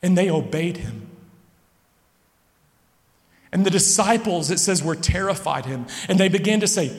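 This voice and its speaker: A man preaching a sermon, telling the story dramatically, sinking low and slow, then building loud. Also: expressive. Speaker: pastor. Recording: long hall reverb.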